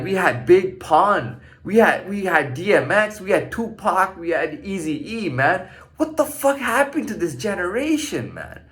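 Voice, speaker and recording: A man's voice: fairly high pitch, a bit bright. A man in his thirties ranting in a casual monologue, profane and stammering through restarts. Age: 30s.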